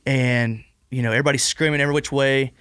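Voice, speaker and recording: A man's voice: medium pitch, steady tone, fast, a bit bright, smooth, dry recording, studio quality. A man in his twenties, a podcast guest telling a long personal story in a casual, rambling way, full of "like" and restarts. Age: 20s. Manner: rambling, heavy use of "like" and restarts.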